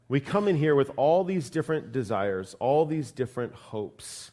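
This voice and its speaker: A man's voice: medium pitch, sing-song, moderate pace, few pauses, mellow. A man preaching a sermon as lead pastor in a church, talking in a loose, conversational way and often checking in with "right?". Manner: conversational, repeats "right?" and starts words twice. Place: church sanctuary.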